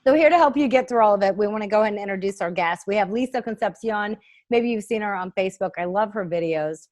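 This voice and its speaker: A woman co-hosting a casual talk show, playful and quick to laugh as she introduces guests over a video call. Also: mid-range voice, a little mellow. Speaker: co-host.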